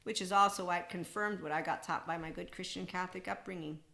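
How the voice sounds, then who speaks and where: A middle-aged woman hosting a podcast, talking through a casual spiritual monologue in an animated way, often laughing and mimicking other people. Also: on the low side, quick pace, vocal fry. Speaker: podcast host.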